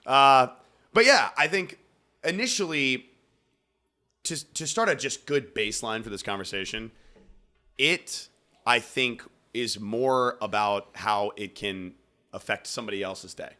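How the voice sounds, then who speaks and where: A man's voice: medium pitch, measured pace, sharp tone. A young man from Virginia, co-hosting a podcast in casual chat, rambling loosely with filler words and frequent chuckles. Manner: rambling and laughing, loose filler-heavy talk. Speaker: podcast co-host.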